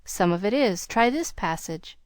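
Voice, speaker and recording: A woman reading the lines of a gentle, earnest young male tutor in an audiobook, in a kindly, encouraging manner. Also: medium pitch, lively intonation, normal speed, dry recording, studio quality, close to an everyday voice.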